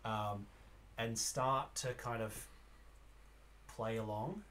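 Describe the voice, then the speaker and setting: A man's voice: fairly low pitch, steady tone, slow, a bit bright, slight background noise. A man playing a tabletop game, describing his character's actions in a rambling, hesitant way. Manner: rambling, hesitant, full of fillers. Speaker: player.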